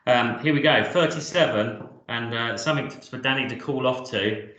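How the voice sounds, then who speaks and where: Bright-voiced man in an echoey room. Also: mid-range voice, normal speed, highs cut off. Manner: enthusiastic, rambling with fillers and restarts. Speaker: co-host of music countdown. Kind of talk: casual chat.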